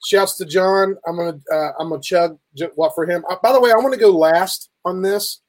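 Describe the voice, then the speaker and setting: A man's voice: high-pitched, fairly quick. A man hosting a podcast in casual chat, joking crudely and teasing the others. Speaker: podcast host.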